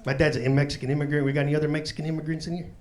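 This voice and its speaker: A man works a comedy club stage, swearing freely and spinning streetwise stories in heavy slang. A loud crowd laughs all around him on the live club recording. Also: fairly high pitch, little pitch movement, rapid-fire. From Chicago, USA. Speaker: stand-up comedian. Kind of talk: stand-up comedy set. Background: audience laughing.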